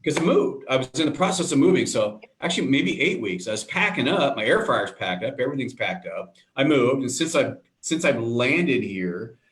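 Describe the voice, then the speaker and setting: A man's voice: mid-range voice, very animated, normal speed, hardly any pauses, a bit bright. A man co-hosting a live web show, chatting casually, rambling through stories full of tangents and acted-out quotes. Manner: rambling storyteller, goes off on tangents; acts out quoted voices in his stories. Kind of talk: casual chat.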